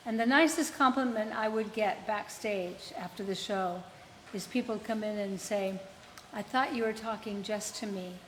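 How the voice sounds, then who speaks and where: A woman's voice: mid-range voice, normal speed. A woman hosting a casual live chat, chatty and teasing. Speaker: host, performer. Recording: reverberant room with faint noise.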